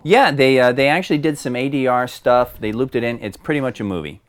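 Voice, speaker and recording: A man on a podcast describing something in an earnest, halting way, with many fillers. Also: mid-range voice. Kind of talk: casual podcast chat.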